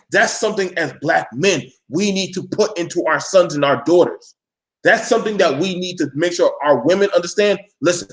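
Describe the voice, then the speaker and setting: A man talking straight to his viewers in a blunt, profane, preachy rant, calling out his audience and pressing his point hard. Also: sits high. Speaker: vlogger addressing his viewers. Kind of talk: live ranting monologue.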